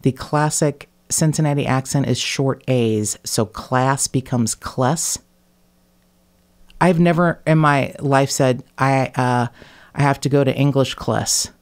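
A woman with a flat Midwestern accent hosting a podcast, chatting casually, blunt and sarcastic with frequent swearing. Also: extremely low pitch, measured pace. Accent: Midwest General American. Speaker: podcast host.

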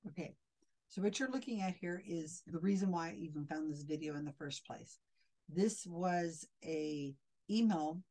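A woman's voice: deep voice, expressive, normal speed, warm tone, rough recording. A woman commenting critically on a video clip as a skeptic, sounding indignant and often restarting her sentences.

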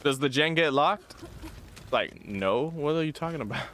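A man with a high, bright voice that leaps all over its range as he streams a game. He jokes, swears and laughs, tumbling into goofy freestyle rhymes. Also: lively intonation, normal speed, a little hiss or hum. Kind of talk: casual gaming livestream banter.

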